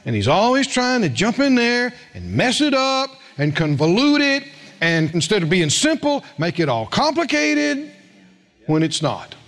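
A man's voice: high-pitched, wildly swooping pitch, a little slow, a bit bright. A man preaching a sermon, telling stories with quoted voices and asking the congregation questions. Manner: storytelling with acted quotes, asks the congregation questions. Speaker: pastor.

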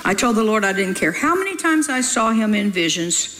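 A woman's voice: medium pitch, very animated, a little fast, fairly bright tone. An older woman preaching, telling a story in a folksy, scolding way with laughing asides. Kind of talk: sermon storytelling.

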